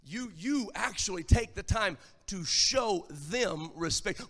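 A man preaching a sermon, emphatic and rising to shouted lines. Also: high-pitched, sing-song, measured pace, gravelly, hardly any pauses, long reverb tail. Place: church.

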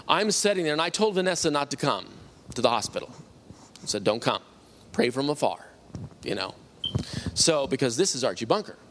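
A middle-aged man telling a personal faith testimony, animated and acting out the people he quotes. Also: medium pitch, a little hiss or hum. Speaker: testimony speaker.

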